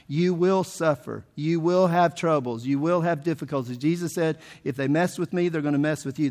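Man, pastor, sermon, emphatic, questions to the congregation, higher voice.

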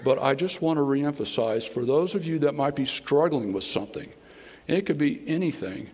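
Man, Southern accent, folksy sermon, husky voice, long hall reverb. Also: mid-range voice, darkish tone. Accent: American Southern. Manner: folksy, conversational preaching with playful voices. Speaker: guest speaker. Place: auditorium.

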